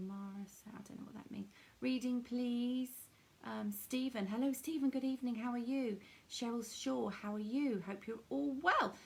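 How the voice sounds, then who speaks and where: Woman, psychic reading, soothing, endearing, slightly high pitch. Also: gravelly. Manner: soothing, intimate, many endearments. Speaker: medium giving readings. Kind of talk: live-streamed psychic reading.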